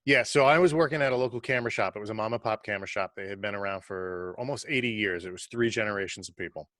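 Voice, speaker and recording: A man tells a casual, animated story as a guest on a video call. His voice is bright and quick, and he says "like" often. The sound is dry and close. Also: on the low side, dry recording. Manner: animated, fast-paced storyteller who uses lots of "like".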